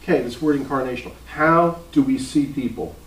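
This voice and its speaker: A man's voice: mid-range voice, brisk. A man teaching a ministry class in a sermon-like lecture, earnest and building to emphatic questions. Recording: roomy echo, mic at a distance.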